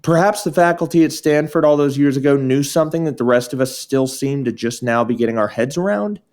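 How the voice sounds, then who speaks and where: A man's voice: mid-range voice, fairly quick, a little mellow. Wry man co-hosting a podcast. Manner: dry, wry asides. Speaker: podcast co-host. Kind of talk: casual chat and narration.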